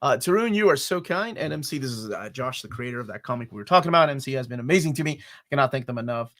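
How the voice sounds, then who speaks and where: A man's voice: mid-range voice, lively intonation, fast talker, a bit bright. A man hosting a casual interview over a video call. He talks in a laid-back, chatty way and reads out viewer comments as he goes. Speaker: interview show host.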